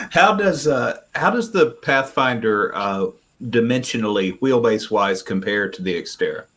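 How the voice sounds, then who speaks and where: A man's voice: mid-range voice, lively intonation, measured pace, a bit bright. A man hosting a casual podcast interview, asking guests questions with hesitant fillers. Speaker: podcast host.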